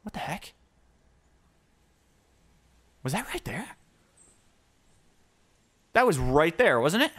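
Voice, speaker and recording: A young man hosting a gaming channel, excitedly narrating his own gameplay and reacting out loud to every shot. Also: on the high side, unhurried, noisy background. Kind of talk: live gameplay commentary.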